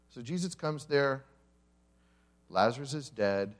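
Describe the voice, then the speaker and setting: Speaking a little slowly and pausing often, this mid-range male pastor tells a story in a conversational sermon to his congregation. He brings it to life with humor, acting out each character's lines.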